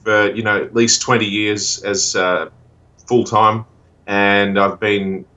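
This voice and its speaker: A man's voice: lowish voice, little pitch movement, takes it slowly, pushed and bright, lo-fi sound. An Australian man, a comedian and impressionist, chatting easily as a guest over a video call and laughing often. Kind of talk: casual interview chat.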